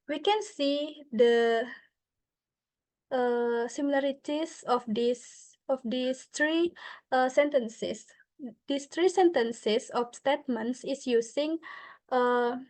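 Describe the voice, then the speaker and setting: A young Indonesian woman with an Indonesian accent, a student giving a class presentation in a hesitant way, often pausing on "uh" and mixing in Indonesian. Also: sits high, dry recording. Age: young adult. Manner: hesitant, many filler "uh"s, switching between English and Indonesian.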